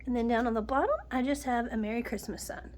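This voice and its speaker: A middle-aged woman talks through her decorated home in a chatty, homey way. She names the items one by one. Her voice sits a little high and sounds nasal and sniffly from a cold. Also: fairly even intonation, fast talker, a little mellow, a little hiss or hum. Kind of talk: casual home tour narration.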